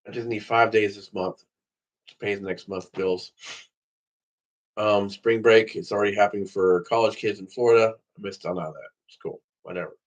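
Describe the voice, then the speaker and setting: A man's voice: lowish voice, steady tone, normal speed, lo-fi sound. Man swearing through a rambling vlog monologue. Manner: profane, rambling talk to camera. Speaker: vlogger.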